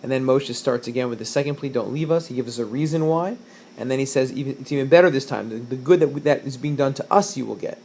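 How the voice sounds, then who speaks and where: A man's voice: mid-range voice, quick pace, a little mellow, slight background noise. A man teaching a recorded lesson, reading Hebrew verses and translating them line by line, with frequent fillers and self-corrections.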